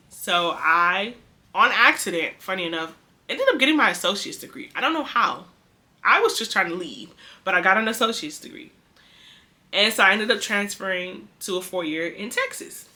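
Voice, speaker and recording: A young woman from the Bay Area casually telling a personal testimony, chatty and animated, acting out what people said. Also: medium pitch, normal speed. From San Francisco Bay Area. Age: young adult. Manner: chatty, animated, acts out quoted speech. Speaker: vlogger sharing a testimony.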